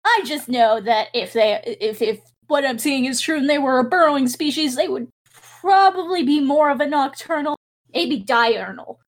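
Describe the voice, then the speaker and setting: A woman's voice: sits high, normal speed. Woman explaining with lots of hedges. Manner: explains with hedges and "you know". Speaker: player. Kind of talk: casual tabletop role-play.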